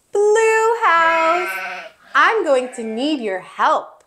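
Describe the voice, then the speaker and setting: A woman teaching toddlers first words in a playful, exaggerated sing-song voice, with gasps and animal sounds. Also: very high voice.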